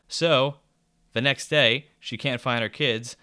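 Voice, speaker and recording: A man talks through a book review in a loose, rambling way, swearing casually and slipping into sarcasm. His voice is smooth and clear, and the sound is dry and close. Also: medium pitch, fairly even intonation, takes it slowly, sharp tone, dry recording.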